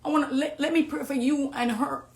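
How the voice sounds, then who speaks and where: A woman's voice: high-pitched, steady tone, a little fast, vocal fry, reverberant. Impassioned Jamaican woman testifying. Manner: preachy, swings from hushed confiding to loud accusing. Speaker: dancehall artist on a live stream.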